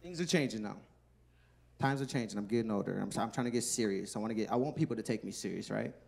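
Male stand-up comic, animated and profane, handheld mic on stage. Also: on the low side, quick pace, creaky. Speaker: comedian. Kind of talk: stand-up comedy. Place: live comedy stage.

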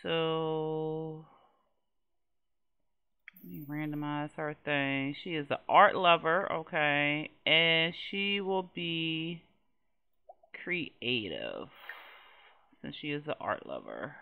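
Animated woman doing gameplay commentary. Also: sits low, slow pace, gravelly, pauses often, smooth, narrow, tinny audio. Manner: animated, exasperated, swears freely, chats to viewers. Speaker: gaming channel host.

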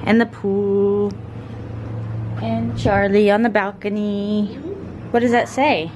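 Mom vlogger, mid-pitched, chatty and giggly, handheld camera with clear background noise. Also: female voice, little pitch movement, slow, pauses often. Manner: chatty, laughs often, talks to her toddler. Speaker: family vlogger, mother. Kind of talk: casual vlog chatter to camera. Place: lakeside rental then small beach, outdoors and indoors.

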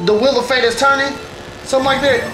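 A woman streamer giving casual, animated commentary over gameplay, talking straight to her viewers. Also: high voice, quick pace. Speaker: gaming streamer. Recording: roomy echo with faint background music.

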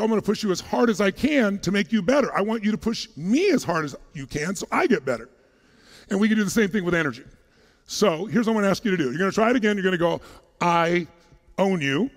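Brief: male motivational speaker, pitched high, punchy crowd work, joking, booming hall reverb. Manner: punchy, fires rapid questions at the crowd; casual, jokey, a little profane. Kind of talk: energetic stage talk to a live audience. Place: large conference hall.

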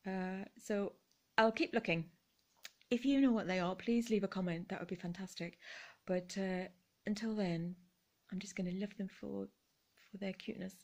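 A woman's voice: mid-range voice, normal speed, a little mellow. A middle-aged woman chatting casually as she shows off her thrift haul, gushing over each find and apologizing for her pronunciation. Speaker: vlogger.

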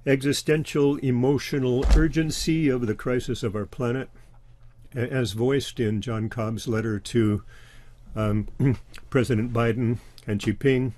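A man's voice: mid-range voice, a little mellow. Earnest older man giving a talk. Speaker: guest speaker. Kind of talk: lecture-style presentation.

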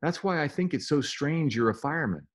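A man's voice: a little high, expressive, a little fast. A man reading a novel aloud and voicing a curious, dreamy teenage girl who speaks eagerly and asks question after question. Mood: earnest. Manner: eager, wondering, full of questions.

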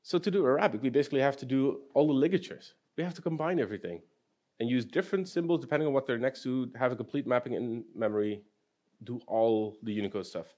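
A man presenting at a programming conference, talking at a middle pitch. His delivery is loose and conversational, with rhetorical questions to the crowd and wry asides. He sounds like a speaker thinking out loud on stage. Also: quick pace. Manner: dry, self-deprecating humor, asks audience questions. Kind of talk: technical conference talk. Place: conference hall.

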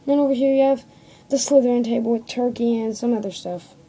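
A woman talks through a toy set in a loose show-and-tell, stopping to correct herself and checking in with "okay?". Her voice sits a little high, with a warm, mellow tone. It is recorded on a phone indoors at home. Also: fairly even intonation, quick pace, husky, rough recording. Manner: rambling, corrects herself often, tags lines with "okay?". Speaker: toy reviewer. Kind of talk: casual show-and-tell review. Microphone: phone camera.

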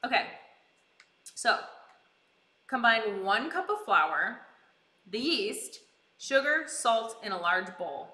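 Lively, bright-voiced woman cooking live. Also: fairly high pitch, slow pace, pauses often, echoey room. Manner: reads recipe steps aloud, chats with viewers. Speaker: livestream host. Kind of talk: casual live cooking stream. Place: home kitchen.

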